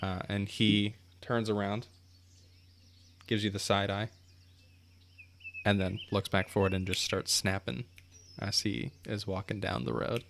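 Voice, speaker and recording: Man, game master, lowish pitch, easy descriptive narration, video call. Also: unhurried, vocal fry, pauses often, slight background noise. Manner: descriptive, relaxed narration with filler ums.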